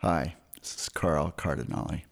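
An older man calmly telling a story about his family. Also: rumbling low, moderate pace, vocal fry. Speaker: caller sharing a tribute. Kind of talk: casual storytelling.

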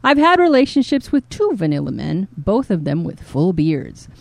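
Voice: medium pitch, wildly swooping pitch, normal speed, vocal fry, no echo. A podcast co-host reading a listener's post aloud in a casual way, laughing often.

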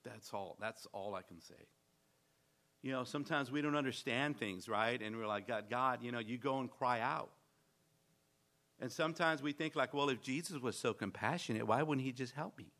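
Guy preaching a sermon, bright forceful voice, keeps tossing out "right?" and stumbling on restarts. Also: medium pitch, brisk. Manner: emphatic, repetitive asides and rhetorical questions; stammering restarts.

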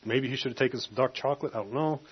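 A man's voice: medium pitch, racing, breathy edge. A man preaching a sermon, retelling a scripture story casually and acting out the quotes. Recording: dull lo-fi recording.

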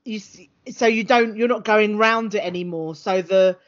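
A woman co-hosting a podcast, telling a story in an animated, chatty way over a home mic on a call. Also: medium pitch, moderate pace, lo-fi sound. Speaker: podcast co-host. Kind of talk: casual chat. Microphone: home mic on a video call.

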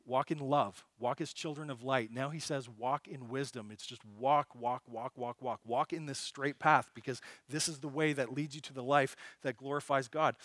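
A man preaching a sermon, moving between loud, emphatic repetition and quiet, slow teaching. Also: mid-range voice, dry recording. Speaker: pastor.

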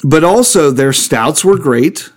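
A man's voice: on the high side, animated, slow. A man co-hosting a podcast in easygoing casual chat, laughing often and trailing off with fillers. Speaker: podcast co-host.

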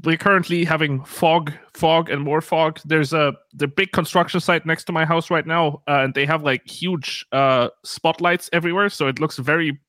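Bright-voiced man bantering on a podcast. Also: a little high, steady tone, normal speed, hardly any pauses, no room sound. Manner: laughs easily, playful banter. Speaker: podcast co-host. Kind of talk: casual chat. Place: Munich home.

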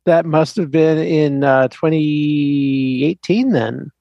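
A man's voice: on the high side, slow, vocal fry, dry recording, highs cut off. A man joining a podcast chat, hesitant as he searches for details.

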